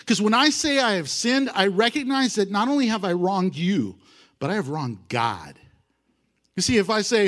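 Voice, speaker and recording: A man teaching a Bible lesson with a lively voice that swings up and down in pitch, sitting a bit higher than most men. He laughs often and acts out the apologies he quotes. The delivery is a loose, casual teaching style. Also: moderate pace.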